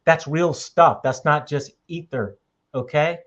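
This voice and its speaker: A man's voice: on the high side, slow pace, a bit bright, lo-fi sound. A man talking in a casual podcast conversation, making his points emphatically and checking in with "okay?". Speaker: podcast host.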